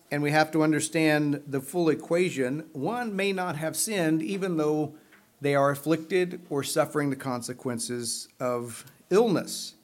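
Pastor, male, slightly high voice; steady teaching sermon that slows for emphasis. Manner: measured teaching, slowing to stress scripture.

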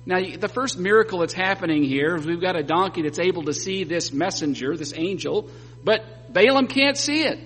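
A man preaching a sermon and reading scripture aloud, telling it with lively joking asides. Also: sits high, moderate pace, breathy edge. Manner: animated storytelling with joking asides. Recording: long hall reverb, faint hum.

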